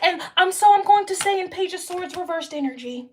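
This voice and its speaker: A woman's voice: very high-pitched, lively intonation, a little fast, few pauses. A young woman talks through a casual tarot reading outdoors. She is blunt and emphatic, with frequent swearing, and a faint noise sits behind her. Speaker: tarot reader.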